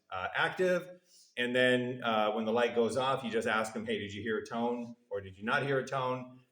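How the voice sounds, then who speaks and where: A man lecturing in an echoey room, his voice of ordinary middle pitch. He explains step by step with a playful streak and drops his voice low and soft when he quotes what the test subjects answer. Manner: explanatory, playful, acts out subjects' replies in a lowered voice. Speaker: university lecturer. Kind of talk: classroom lecture. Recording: roomy echo.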